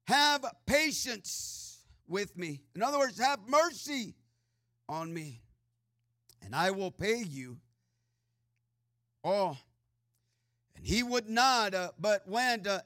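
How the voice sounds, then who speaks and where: Slow and lively in intonation, this male preacher reads scripture in rising and falling sing-song swells with a high, bright tone. Frequent "uh" and "amen" asides fill his sermon, captured close and dry without any room sound.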